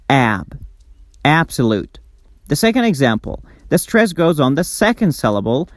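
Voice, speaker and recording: A man's voice: on the high side, no room sound. A man with a Persian accent teaching English pronunciation, repeating words and stressing syllables carefully. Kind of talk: slow, deliberate online lesson.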